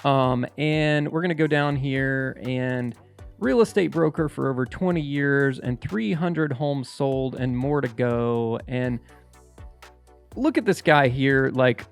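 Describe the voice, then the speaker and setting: A man walking through a screen-share tutorial in a casual, rambling way, full of fillers and restarts. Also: medium pitch. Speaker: real estate investor and channel host.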